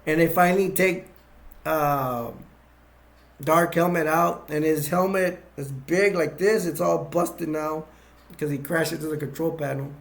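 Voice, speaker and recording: A man's voice: a little high, steady tone, unhurried, gravelly. A man giving a casual movie plot recap, rambling with frequent restarts and chuckles. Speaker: video reviewer.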